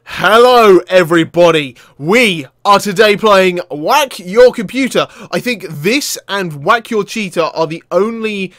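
A young man giving excitable let's-play commentary, often shouting and laughing as he plays. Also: sits high, a little slow, few pauses, dry recording, clean studio sound. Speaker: gaming video creator.

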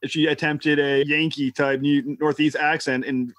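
A man's voice: on the high side, flat delivery, normal speed, a bit bright, dry recording. A man hosting a podcast interview, easygoing and chatty, often restarting his sentences. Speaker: podcast host. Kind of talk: casual interview chat.

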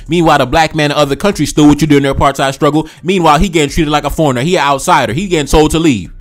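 A man with an American accent hosting a reaction video, talking passionately in slangy street speech and repeating phrases for emphasis. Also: fairly high pitch. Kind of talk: fired-up commentary on viewer comments.

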